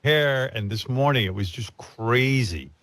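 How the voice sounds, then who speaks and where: A man's voice: mid-range voice, measured pace, fairly bright tone, no room sound. A man chatting casually on a radio show, rambling and self-mocking. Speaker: radio show host in a played clip.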